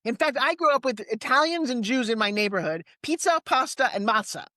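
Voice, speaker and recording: A woman in her sixties with a New York accent, a guest telling personal stories in a lively, candid way with quick asides. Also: fairly high pitch, dry recording, clean studio sound. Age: 60s. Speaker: interview guest. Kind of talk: personal storytelling in conversation.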